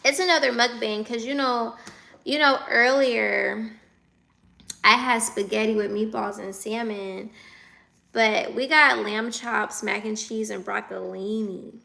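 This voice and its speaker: A woman's voice: on the high side, fairly even intonation, measured pace, gravelly, bright, forceful tone. A woman in her twenties chatting casually on a livestream from her phone, reading out viewer comments and answering them. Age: 20s.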